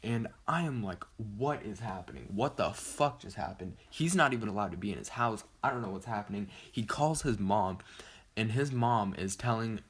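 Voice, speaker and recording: With a lowish, slightly rough voice, a teenage boy vlogger tells an animated story at normal speed. He rambles casually, swears, and uses "like" over and over.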